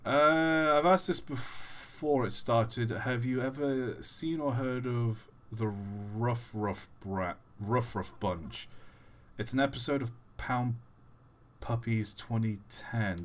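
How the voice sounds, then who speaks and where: Young male streamer, lowish voice, casual rambling chat with sudden excited outbursts. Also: unhurried. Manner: rambling, self-correcting, bursts into excited exclamations. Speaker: live streamer. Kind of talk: casual live-stream chat while gaming.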